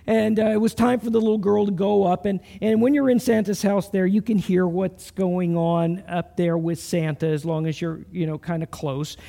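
A middle-aged man preaching a sermon, telling a story slowly and earnestly with soft pauses before leading a prayer. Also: sits high, fairly even intonation, vocal fry. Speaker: pastor.

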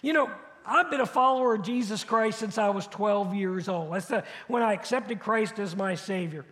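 A man in his fifties preaching to his congregation in an easy, conversational way, leaning on rhetorical questions and repeated phrases. His voice sits unusually high for a man. The sound rings with the long reverb of a church sanctuary. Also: normal speed, a bit bright. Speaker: pastor. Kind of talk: sermon.

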